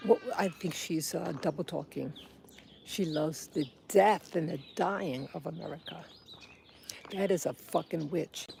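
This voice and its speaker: A woman giving an angry political monologue, halting, with pauses and restarts, recorded outdoors. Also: fairly low pitch, vocal fry, mellow, slight background noise. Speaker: vlogger.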